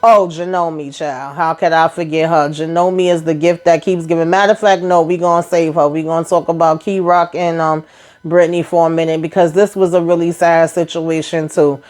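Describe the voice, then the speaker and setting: A woman host casually recapping a reality show episode, talking in a slangy, animated way with frequent asides to her viewers. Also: fairly low pitch, normal speed.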